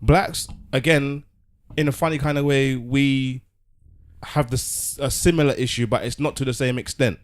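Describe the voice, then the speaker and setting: A man's voice: medium pitch, fairly even intonation, moderate pace. An earnest man argues his point on a podcast. He often stumbles and restarts words as he builds his case in casual discussion. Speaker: podcast co-host.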